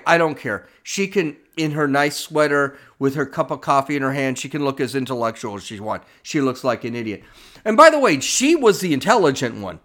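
A man hosting a podcast, giving scornful opinionated commentary with frequent restarts. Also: medium pitch. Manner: scornful, animated, stumbling restarts. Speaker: podcast host.

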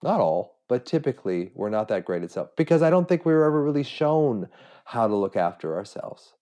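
A man's voice: mid-range voice, big pitch swings, fairly quick, dark tone. A middle-aged man hosting a solo podcast, talking in an earnest, self-searching way with frequent restarts while he has a cold. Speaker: podcast host. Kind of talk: reflective solo podcast monologue.

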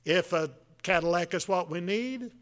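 In a slightly high, somewhat bright, clear and resonant voice, a seventy-something pastor delivers a homespun sermon. He speaks folksily and haltingly, with many fillers and restarts as he moves point by point.

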